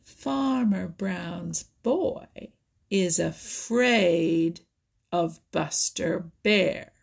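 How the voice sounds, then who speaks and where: A woman voicing an excited, boastful young male otter in a storybook reading, with a husky, gravelly voice. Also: on the low side, slow, heavily acted. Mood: gloating. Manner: eager, boastful, drawls for effect.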